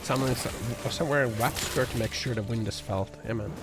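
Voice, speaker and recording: With a medium pitch and a slightly quick pace, this man livestreams from his apartment over background music. His casual talk about viewer comments is sarcastic, profane, wandering and heavy on fillers.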